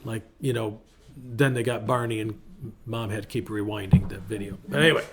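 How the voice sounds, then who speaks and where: A middle-aged man hosting a devotional podcast, chatting casually and acting out quotes with lively shifts in his voice. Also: fairly low pitch, brisk, crowd noise. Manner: chatty and animated, acts out quotes in varied voices. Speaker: ministry podcast host.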